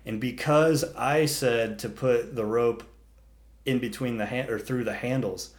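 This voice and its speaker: A man's voice: medium pitch, a little slow. Man telling a wild story casually. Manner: animated, swearing, acting out animals. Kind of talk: casual podcast chat.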